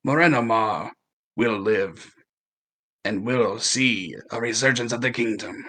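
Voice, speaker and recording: A man voicing a calm, scheming male noble who insists his plan will work. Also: medium pitch, unhurried. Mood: cold.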